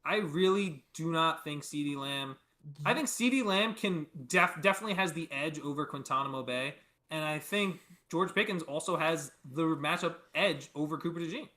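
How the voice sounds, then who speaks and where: Young male co-host, higher voice, sharp and bright, argumentative casual sports talk. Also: normal speed. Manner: animated, argumentative, many fillers.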